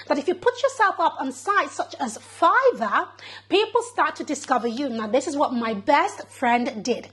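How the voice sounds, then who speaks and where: A woman's voice: very high voice, a bit bright. A woman hosting her own channel, talking to camera in a chatty, encouraging way and calling the viewer darling and girl. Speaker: business coach and channel host. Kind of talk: upbeat talk to camera.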